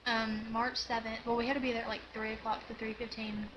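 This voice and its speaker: A teenage girl chatting casually on a home video, excited and rambling, with lots of giggles and "like"s. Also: on the high side, quick pace, noisy background. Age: teens. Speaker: vlogger. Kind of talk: casual storytelling chat.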